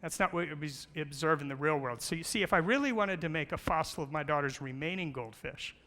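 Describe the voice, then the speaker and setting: A bright-voiced man preaches in a large church hall, giving a playful slide presentation as a guest speaker on creation, telling stories with jokes and rhetorical questions. His pitch is fairly high, expressive, and a little fast. There is long hall reverb.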